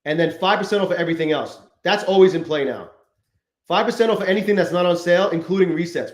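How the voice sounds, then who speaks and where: A man's voice: high-pitched, quick pace, reverberant. A man hosting a live stream, chatting casually and profanely, rambling and greeting viewers in the chat. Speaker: livestream host.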